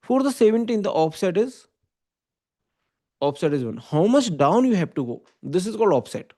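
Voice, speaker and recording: A man's voice: sits high, sing-song, normal speed, dark tone. A man with an Indian English accent teaching an online lecture, explaining step by step and often checking with "okay?" and "right?". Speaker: computer science teacher.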